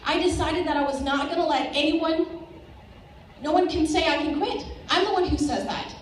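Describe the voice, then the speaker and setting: A woman rallies a crowd from a stage, her voice high and emphatic as she urges them on. She is heard from a distance, with heavy echo filling the big hall and a faint hum of room noise behind her. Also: normal speed. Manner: rallying, emphatic, addresses crowd directly. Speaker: motivational speaker at a sales event. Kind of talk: motivational stage speech. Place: large event hall. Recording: echoey hall recorded from far off.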